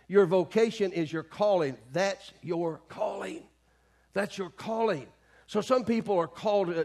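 Folksy preaching man, fairly high voice. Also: a little mellow. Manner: folksy, repetitive, calls out to the congregation. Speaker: pastor. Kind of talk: sermon.

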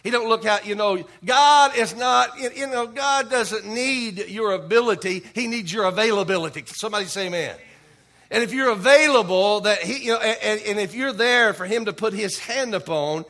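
A man preaching a sermon, dropping a repeated "okay?" and calling for amens, reading scripture slowly and with emphasis. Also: sits high, bright, forceful tone. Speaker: pastor.

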